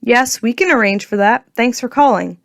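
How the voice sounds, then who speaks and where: A woman voicing a calm, steady father in a storybook reading, speaking in a measured way. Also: on the high side, no room sound, studio quality, close to an everyday voice. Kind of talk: storybook narration.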